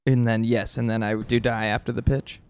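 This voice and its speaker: A man playing an odd, earnest young baseball fan and hacker, talking in a halting, deadpan manner in an improvised comedy podcast. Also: medium pitch, clear, resonant tone, close to an everyday voice.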